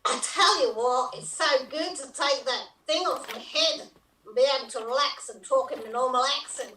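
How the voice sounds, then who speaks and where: A woman's voice: high-pitched, moderate pace, pushed and bright, a little hiss or hum. A woman with an Australian accent playing Darth Vader as a casual dad reading an improvised comedy bedtime story, joking and chuckling. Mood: deadpan joking. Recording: roomy and distant from the mic.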